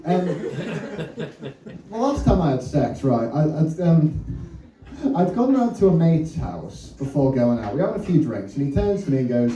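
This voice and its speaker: A man's voice: on the high side, big pitch swings, unhurried, dark tone, roomy sound, far from the mic, a little hiss or hum, poor audio. A man doing a crude, self-deprecating stand-up comedy set in a comedy club. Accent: English. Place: comedy club bar, audience laughing.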